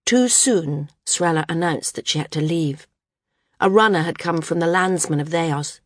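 A woman narrating an audiobook in a calm, even storytelling manner. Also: sits low, normal speed, dry recording, studio quality. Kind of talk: scripted narration.

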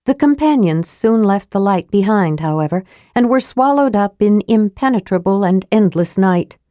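A woman reading a fantasy story aloud as narrator, dropping her voice low for the male characters. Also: animated, moderate pace, mellow, no room sound, studio quality. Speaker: audiobook narrator.

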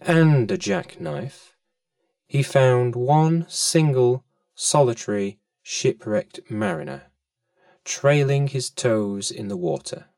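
A man's voice: mid-range voice, slow, a little mellow, no echo, clean studio sound, far from the mic. A man reading a children's story aloud with a playful, lilting delivery and fond asides to the listener.

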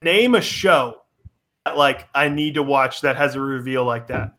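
A man hosting a casual chat, excitable and quick to laugh. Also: mid-range voice. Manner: excitable, laughs often, quick fan talk.

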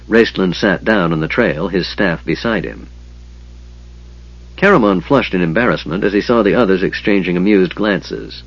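A man reading a fantasy novel aloud in a measured storytelling manner. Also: low voice, animated, slightly rough, lo-fi sound. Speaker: audiobook narrator. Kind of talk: scripted fantasy narration.

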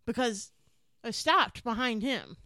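A woman chatting casually, telling an animated, swear-filled story about her driving. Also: fairly high pitch, takes it slowly, dry recording. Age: adult parent. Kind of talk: casual chat.

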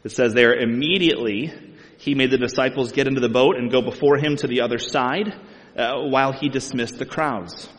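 A man's voice: medium pitch, a little fast. A man preaching a sermon, reading scripture aloud and explaining it in a conversational way with casual asides. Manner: conversational, asides and speculation with light laughs. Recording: long hall reverb.

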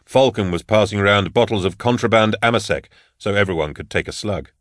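A male narrator reads a story in a measured, even manner. His voice is low and steady. The studio recording is close and dry. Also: no echo. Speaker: audiobook narrator. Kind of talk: scripted narration.

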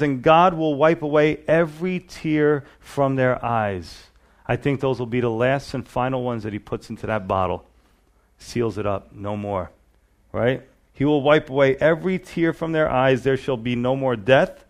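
A man preaching a sermon in an earnest, conversational way, often asking the listeners questions. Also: mid-range voice.

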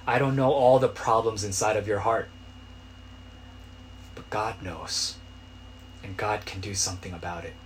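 A male pastor preaching a sermon in a conversational way, building to loud, pleading cries. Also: fairly low pitch, fairly even intonation, measured pace, long pauses, slight background noise.

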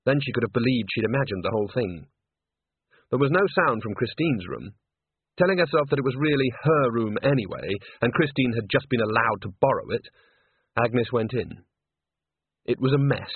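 A man narrating an audiobook in a measured, wry storytelling manner, on a dry lo-fi recording. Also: medium pitch, animated, husky, no echo. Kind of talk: scripted narration. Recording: dry, narrow lo-fi band.

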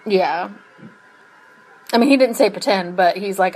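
A woman chatting on a podcast about a TV episode. She talks slowly and unhurriedly, drifting off track and laughing as she goes. Her pitch sits in an ordinary middle range. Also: darkish tone, breathy edge, rough recording. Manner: slow, meandering, laughs often, loses her place. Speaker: podcast co-host. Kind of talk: casual chat recapping a TV episode.

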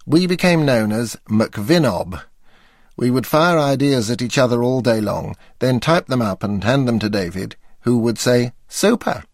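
An older man narrates his memoir with dry, wry understatement. His voice is gravelly with a rough fry at phrase ends. It is recorded close and dry, with no room sound. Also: medium pitch, animated, unhurried, dry recording. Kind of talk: reading a memoir aloud.

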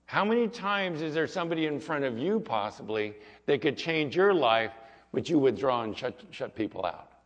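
A male pastor preaching a sermon and telling a story, moving between loud passages and hushed ones. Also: mid-range voice, lively intonation, moderate pace. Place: church sanctuary. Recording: echoey hall, dull lo-fi sound.

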